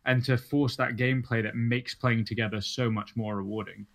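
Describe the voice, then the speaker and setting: A man's voice: mid-range voice, fairly even intonation, normal speed, a bit bright. Laid-back, wry man in his late twenties. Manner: laid-back, wry, uses "like" and "you know". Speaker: podcast co-host. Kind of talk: casual chat.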